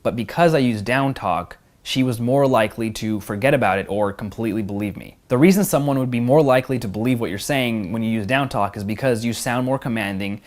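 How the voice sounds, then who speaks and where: A man's voice: medium pitch, a little fast, few pauses. A man who is a pickup coach, teasing women in street demos and explaining his technique in a commanding voice-over with downward inflection.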